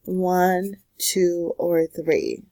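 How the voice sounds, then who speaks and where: A woman's voice: fairly low pitch, flat delivery, extremely slow, mellow, low-quality recording. A woman giving a casual pick-a-card astrology reading, with sassy, slangy, direct advice. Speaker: tarot and astrology reader.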